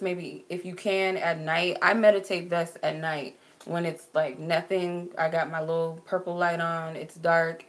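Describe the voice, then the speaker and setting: Lady from arizona on a chill spiritual livestream, kinda low voice, says like a lot. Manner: chatty, many "like" fillers, laughs easily. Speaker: spiritual reader answering live chat. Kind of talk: casual livestream chat.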